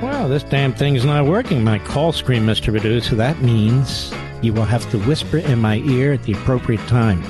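A man's voice: mid-range voice, animated, moderate pace, few pauses, music in the background. A man hosting a talk radio show, indignant and emphatic, repeating his points for effect. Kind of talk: talk radio monologue and calls.

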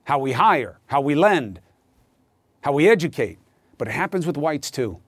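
A man's voice: on the high side, very animated, moderate pace, a bit bright, dry recording. A male news anchor delivering an emphatic, sarcastic opinion monologue in a studio.

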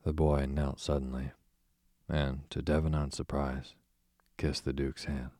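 A man calmly reading a story aloud to help listeners fall asleep. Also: very deep voice, unhurried, dry recording, studio quality. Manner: calm, soothing reading for sleep. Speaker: narrator.

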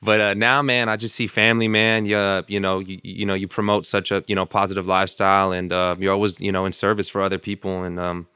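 A man's voice: sits low, little pitch movement, fast talker, hardly any pauses, sharp tone, clear, resonant tone, no echo, studio quality. A man speaking as a podcast guest in casual chat, laid-back and full of fillers.

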